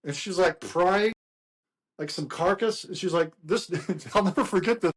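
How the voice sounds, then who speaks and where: Casting: middle-aged man, bar-talk guest, high voice, rambling storyteller. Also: normal speed, husky. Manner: rambling, laughing, quotes others in animated voices. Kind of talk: casual storytelling chat.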